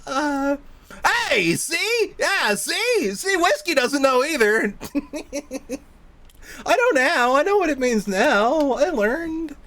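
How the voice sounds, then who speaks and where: A man's voice: very high-pitched, expressive, slow pace, long pauses, a bit bright. A man chatting casually on a live stream while gaming, rambling from thought to thought, laughing often and swearing freely.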